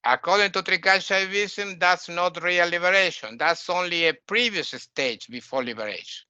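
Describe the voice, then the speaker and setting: A man's voice: high-pitched, normal speed, sharp tone, smooth, no echo, highs cut off. A man teaching a spiritual lecture, explaining terms patiently and asking his listeners questions.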